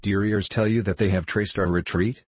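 A man's voice: on the low side, steady tone, brisk, husky, dry recording. A man reading the part of an eager young army officer who speaks formally and politely. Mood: questioning.

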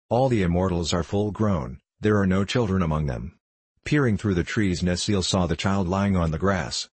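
A man narrating a storybook in a measured, calm reading. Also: low voice, husky, dry recording. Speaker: audiobook narrator.

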